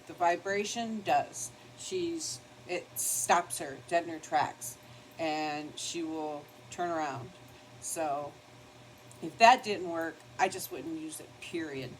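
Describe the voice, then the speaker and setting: This beauty vlogger is an older woman with a lowish voice, chatting casually at her home vanity as she puts on makeup. She rambles in get-ready-with-me style and occasionally scolds her dog. There's slight background noise and the audio quality is poor.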